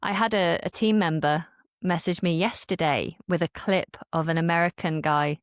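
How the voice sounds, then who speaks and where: British woman on a podcast, lowish voice, dry close sound, gets animated explaining stuff. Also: moderate pace, dry recording. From Britain. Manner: animated, explanatory, acts out reactions. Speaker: English teacher and guest. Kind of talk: podcast conversation. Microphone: studio podcast mic.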